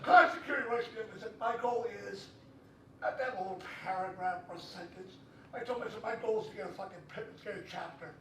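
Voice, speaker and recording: A man doing open-mic stand-up at a convention, telling a rambling story with loud shouted punchlines. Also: sits high, fast, background noise. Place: convention panel room. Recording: echoey room, mic from far off.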